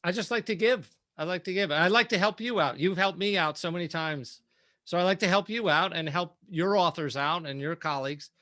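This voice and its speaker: A man speaking as a guest and keynote speaker in a casual roundtable, telling lively stories. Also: sits high, fairly quick, no echo. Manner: lively anecdotal storytelling.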